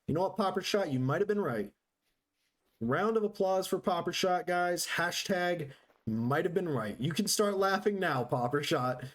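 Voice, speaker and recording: A male streamer talks to his chat while he plays, joking and rambling with a sarcastic edge. His voice sits a bit high for a man and swings lively up and down. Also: moderate pace. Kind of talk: casual live-stream chat while gaming.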